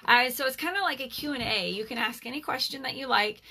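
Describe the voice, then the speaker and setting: A woman's voice: sits high, fast talker, bright, forceful tone. A woman in her forties, hosting a casual live Q&A as a network marketer, chatty and rambling with lots of fillers. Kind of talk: casual live-stream chat.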